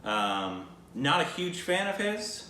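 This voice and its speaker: A man hosting a reaction video, chatting casually and halting a lot as he searches for names. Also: a little high, very animated, bright, forceful tone. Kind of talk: casual chat. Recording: echoey room with faint noise.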